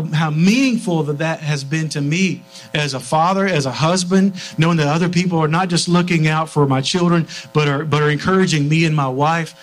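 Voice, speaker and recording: A man's voice: on the high side, a little hiss or hum, poor audio. A middle-aged man preaching a sermon in a church, telling family stories earnestly and often restarting his sentences. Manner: earnest storytelling, frequent restarts.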